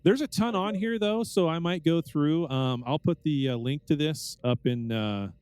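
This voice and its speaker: A man's voice: a little high, moderate pace, darkish tone, clean tone, no echo. A man hosting a podcast trivia game, talking in a casual, rambling way with many fillers. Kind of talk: casual chat.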